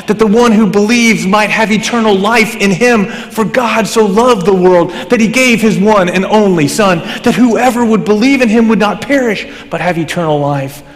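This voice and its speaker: A male pastor preaching a sermon, swinging between fervent raised emphasis and hushed, low passages. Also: normal speed, hardly any pauses. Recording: long hall reverb.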